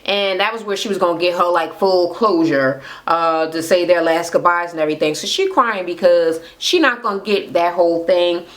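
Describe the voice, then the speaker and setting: A woman's voice: fairly low pitch, steady tone, moderate pace, hardly any pauses. A young woman casually recapping a reality show, sassy and profane, tossing in mocking voices of the cast. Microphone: camera mic.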